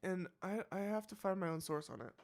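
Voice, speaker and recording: With a high, slightly mellow voice, a bit fast and touched by vocal fry, a man hosts a live reaction show in a dry recording. His casual commentary is thought aloud, musing and hesitant, packed with fillers and restarts.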